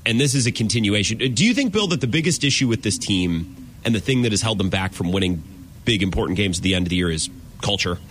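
A man co-hosting a sports talk show, speaking in a measured, analytical way with some stammered restarts. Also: lowish voice, animated, a bit bright, a little hiss or hum.

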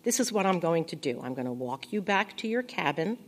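A woman reading the lines of a gentle, weary young man in a soft, reassuring, hushed way. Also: on the low side, big pitch swings, fairly quick, long reverb tail. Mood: tender.

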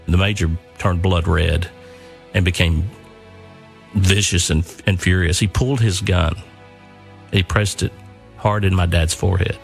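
A man's voice: sits low, little pitch movement, moderate pace, vocal fry, faint music behind. An older man earnestly telling a personal story, often repeating and restarting his words.

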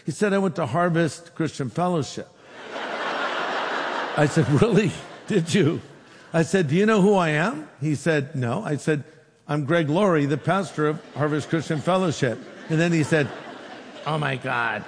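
A man pastor preaching a sermon, telling a story with lively quoted dialogue. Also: on the high side, normal speed, in a large hall, a little hiss or hum.

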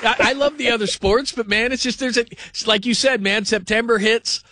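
A man hosting call-in sports radio, rambling and animated, sometimes mimicking people in funny voices. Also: very high voice, normal speed, slight background noise.

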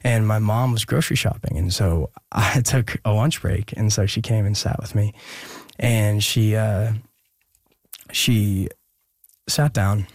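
Earnest young man, halting and heartfelt. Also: lowish voice, steady tone, darkish tone, no room sound, studio quality. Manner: halting and earnest, many pauses and restarts. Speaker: guest musician. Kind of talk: personal storytelling in an interview.

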